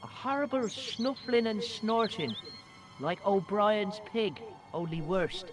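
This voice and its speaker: Cheeky Irish lad, high boyish voice, chirpy, game music behind. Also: male voice, animated, slow pace. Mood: spooky tale. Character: cheeky young Irish village boy, boastful.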